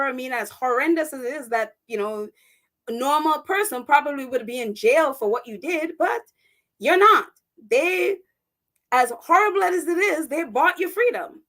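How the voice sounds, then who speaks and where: A woman's voice: high-pitched, lively intonation, moderate pace, a bit bright. A woman hosting a casual live-stream chat, reading viewer comments aloud with indignant, exclaiming commentary. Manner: indignant, exclaiming, laughs often.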